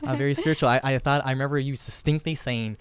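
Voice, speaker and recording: Fast-talking earnest male podcast host. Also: medium pitch, steady tone, clear, resonant tone, no room sound. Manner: earnest, rambling, repeats and restarts words. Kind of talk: casual chat.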